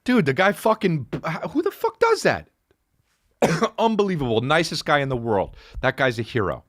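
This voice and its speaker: A man with a high, very lively voice tells a comic story as a podcast host. He swears freely, his pitch swinging up and down as he acts out everyone in the tale. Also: moderate pace.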